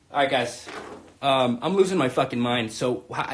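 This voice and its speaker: A man in his thirties hosting a comedy live stream from his room, brash, crude and rambling, swinging between shouting and muttering. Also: medium pitch, moderate pace, faint music behind. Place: home room.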